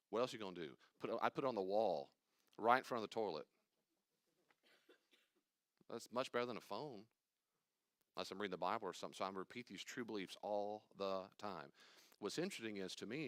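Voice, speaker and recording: A man's voice: low-pitched, fairly bright tone, no echo, clean studio sound. An older man, a pastor, teaching a church study class in an emphatic, conversational way, acting out anxious inner voices and wandering into asides.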